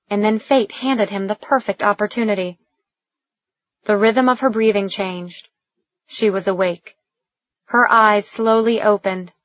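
Casting: woman romance audiobook narrator, unhurried, dry close mic, dull lo-fi sound. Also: mid-range voice, no room sound. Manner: slow, even storytelling. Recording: dull, lo-fi recording.

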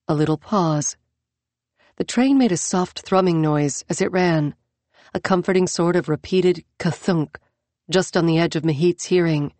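A woman with a somewhat low voice reads a novel in a measured, even way. The studio sound is dry and close, with no room around her. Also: no echo. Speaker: audiobook narrator. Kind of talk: scripted narration.

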